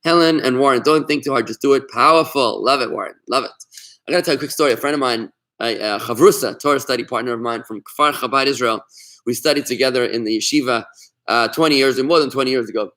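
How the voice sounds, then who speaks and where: A middle-aged man, a rabbi, leading a casual online Talmud class, telling stories with lively asides and frequent restarts. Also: mid-range voice, fast. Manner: animated storyteller, warm asides, many restarts.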